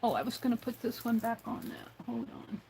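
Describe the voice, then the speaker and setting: A woman hosts a craft livestream, musing aloud in an unhurried way as she works with her hands and sometimes referring to herself in the third person. Her voice sits on the high side, with lively intonation, some creak, and a warm tone. The audio is poor, with slight background noise, and the talk is a casual craft demonstration.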